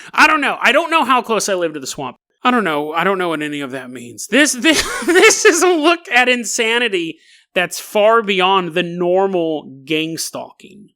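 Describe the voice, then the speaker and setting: A man hosting a comedic podcast monologue, talking in an animated, mocking way and laughing often as he reads. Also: high voice. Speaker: podcast host.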